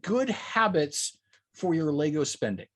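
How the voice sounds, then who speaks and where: A man's voice: a little high, very animated, a little slow, a bit bright. A man from the Southeast US, a podcast co-host talking in a playful, wordy casual chat and tripping over his words.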